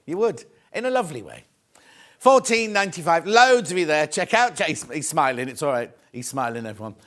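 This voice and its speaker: A British man presenting live on a shopping channel, chatting warmly to viewers and reading out their messages, with the odd cough. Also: on the high side, very animated, a little fast. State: coughing, mild throat trouble.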